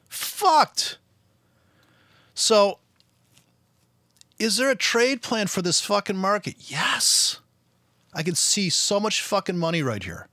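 A man's voice: fairly high pitch, fairly bright tone, no room sound, studio quality. A man ranting bluntly over his trading charts, swearing nonstop and laughing at his own jokes. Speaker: forex trader streaming his charts. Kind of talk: profane ranting commentary.

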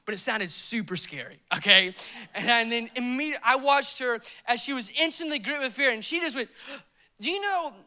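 A young man preaching a sermon, mixing scripture reading with an animated, laughing personal story. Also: very high voice, a little fast. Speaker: pastor.

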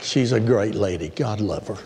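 A male pastor preaching a sermon in a church, telling stories in a folksy, animated way. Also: fairly low pitch, moderate pace, slight background noise. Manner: storytelling, folksy, animated asides. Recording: echoey church hall.

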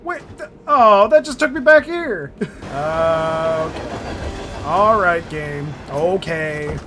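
High-pitched guy streaming a game, swears a lot, jokey, faint music behind. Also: takes it slowly. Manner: excitable, swears and laughs often, jokey asides. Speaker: gameplay streamer. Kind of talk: casual let's-play commentary.

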